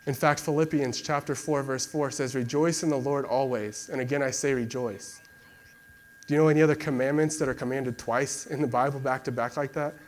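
A man's voice: mid-range voice, steady tone, a little fast, slight background noise. A young man giving a casual sermon and leading a prayer, talking conversationally and filling gaps with "like". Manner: conversational, many fillers like "like". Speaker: preacher.

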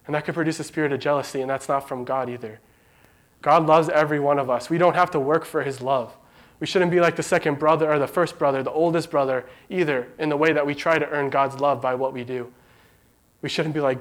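Guy preaching a casual heartfelt sermon, kinda choked up, fighting tears, voice sits a bit high. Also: fairly even intonation, quick pace. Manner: earnest, conversational, emotional. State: holding back tears.

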